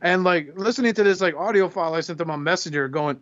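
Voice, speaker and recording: A man co-hosting a casual podcast, his voice sitting a bit high for a man. He talks in a loose, profane way and tells stories with gusto. The recording sounds a little muffled. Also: fast talker, dry recording. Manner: profane, animated storyteller who acts out quotes. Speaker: podcast co-host.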